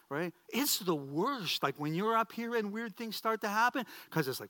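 A pastor in his fifties delivers a sermon in a bright, forceful, fairly high voice. He tells stories, tosses in humorous asides and repeats key phrases. The sound is dry and close. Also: animated, fairly quick, few pauses, no echo.

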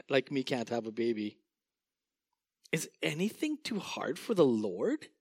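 Male preacher, animated sermon, fairly high voice, dry close sound, chuckles often. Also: measured pace, no room sound. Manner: storytelling, vivid word pictures. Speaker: pastor.

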